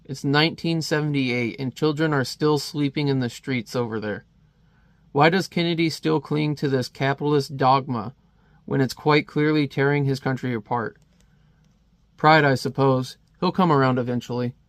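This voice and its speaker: A man's voice: mid-range voice, normal speed, no room sound, close to an everyday voice. A man reading the lines of a proud, disdainful warrior princess from a comic.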